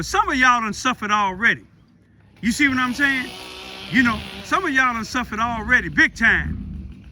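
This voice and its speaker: An older man holds forth on a livestream in a high, forceful voice. He rants with indignant, sermon-like repetition, constantly checking that his listeners see what he means. His tone stays bright and edged throughout. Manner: indignant, repetitive, preaching, keeps asking "you see what I'm saying". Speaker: livestream host. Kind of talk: angry livestream rant.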